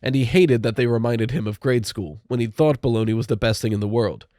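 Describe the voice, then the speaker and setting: Guy reading a spooky teen audiobook, steady storyteller voice, dead dry mic. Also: mid-range voice, brisk, dry recording. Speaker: audiobook narrator. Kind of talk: scripted audiobook narration.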